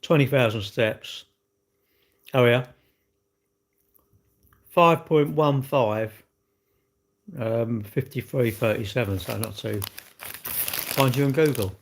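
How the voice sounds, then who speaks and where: A man's voice: mid-range voice, takes it slowly, pauses often. A man, chatting casually on a livestream from home, rambling and greeting viewers by name as he goes. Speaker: livestream host. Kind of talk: casual live-stream chat.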